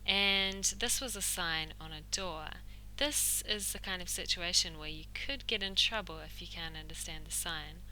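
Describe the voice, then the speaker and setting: A woman with a New Zealand accent gives a relaxed English lesson. She explains idioms and models pronunciation clearly, with a slightly low voice. The recording is roomy, with a faint hiss behind it. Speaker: English teacher and host.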